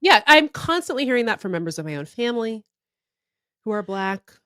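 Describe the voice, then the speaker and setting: A podcast co-host, a woman with a slightly high voice. She is wry and quick to laugh. The sound is dry and close. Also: very animated, bright, forceful tone, no echo. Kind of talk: casual chat.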